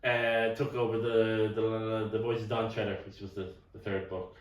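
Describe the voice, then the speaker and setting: A man's voice: on the low side, flat delivery, moderate pace. A middle-aged man co-hosting a podcast in casual chat, rambling and stumbling over repeated words, with a cough now and then. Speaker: podcast co-host. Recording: roomy, distant mic.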